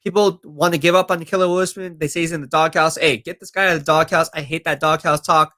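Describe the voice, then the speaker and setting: A man's voice: fairly high pitch, steady tone, fast, bright, forceful tone. A man live-streaming football talk, reading viewer comments and answering them in a confident, chatty way. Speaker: sports streamer.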